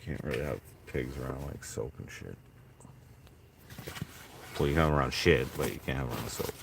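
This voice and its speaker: A man with an extremely low voice chats loosely on a livestream from inside a tent. He mumbles, curses and talks half to himself. A faint hiss of noise sits under him. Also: brisk, creaky. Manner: mumbling, swearing, talks to himself while searching. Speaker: streamer. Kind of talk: casual livestream chat.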